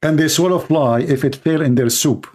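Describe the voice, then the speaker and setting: A man's voice: on the high side, normal speed, darkish tone. A man hosting a livestream, telling stories casually in broken English with a mocking tone. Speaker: livestream host.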